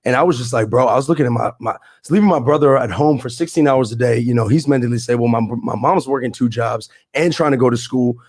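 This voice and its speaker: Fast-talking young man telling his story. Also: mid-range voice, darkish tone, dry recording, clean studio sound. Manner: fast, emphatic, street slang. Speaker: podcast guest, real estate investor. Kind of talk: casual storytelling and explaining.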